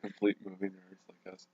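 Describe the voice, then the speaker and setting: Young dude cohosting, laughs at everything, throws in jokes, lo-fi dry sound. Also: male voice, deep voice, husky, no room sound. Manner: chuckling, quick to joke. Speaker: podcast co-host. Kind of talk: casual chat. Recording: dull lo-fi dry recording.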